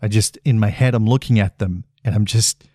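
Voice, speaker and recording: A man's voice: on the low side, fairly quick, mellow, dry recording, clean studio sound. A man in his thirties hosting a solo podcast monologue, talking bluntly and with frustration, swearing freely and breaking off into restarts. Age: 30s. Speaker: podcast host.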